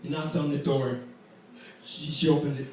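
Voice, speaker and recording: A man's voice: on the high side, level tone, moderate pace, a bit bright. Male storyteller for a live set, playful and chatty, miked from far off in a very echoey hall.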